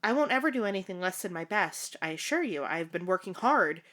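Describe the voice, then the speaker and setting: A woman's voice: on the low side, animated, fast talker, fairly bright tone. A woman reading the part of an earnest young female housekeeper in a fanfiction read-aloud, in her own voice.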